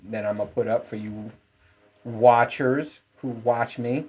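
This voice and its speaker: A man's voice: medium pitch, steady tone, unhurried, darkish tone, husky. A man hosting his own podcast, ranting casually with a lot of swearing and rambling asides. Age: adult parent. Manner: profane, rambling, frequent laughs. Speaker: podcast host. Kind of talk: casual solo podcast rant.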